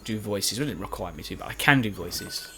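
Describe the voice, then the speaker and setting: With soft music playing behind him, a man narrates his own recorded gameplay in a lowish, slightly bright voice, a little fast and lively in intonation. He's a Let's Play commentator who rambles cheerfully and jokes at his own expense.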